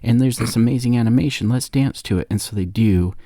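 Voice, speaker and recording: A man's voice: mid-range voice, fast, dark tone, no room sound, studio quality. A man on a podcast giving a rambling, sarcastic comedic recap of a movie. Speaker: podcast co-host.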